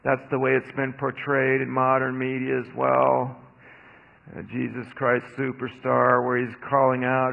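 A man's voice: mid-range voice, moderate pace, vocal fry. A man giving a conversational Bible teaching on the radio, explaining scripture with emphatic asides. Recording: thin phone-like radio broadcast with long reverb.

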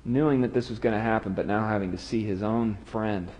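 Storytelling preacher in a long-echoing hall. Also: male voice, lowish voice, a little fast. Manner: storytelling, dramatic drops to quiet. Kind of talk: sermon.

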